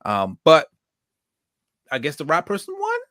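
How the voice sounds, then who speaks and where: A man's voice: on the high side, wildly swooping pitch, a little slow, pushed and bright, dry recording, clean studio sound. A man hosting a casual podcast chat and reading comments aloud, rambling and hesitant, restarting his sentences often. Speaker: podcast host.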